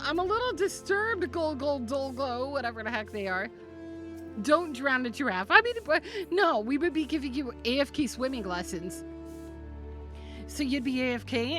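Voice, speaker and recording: A chatty woman streamer talks to her live chat in a playful, giggly way, often tripping over her words. Her voice is bright and fairly high. Faint game music plays behind her.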